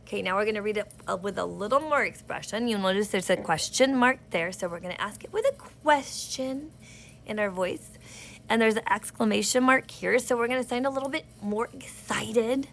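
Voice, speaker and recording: A woman teaching an early reading lesson, slowly sounding out words for young children. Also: a little high, creaky, a bit bright, slight background noise. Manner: slow, patient, sounding out words, speaks to kids.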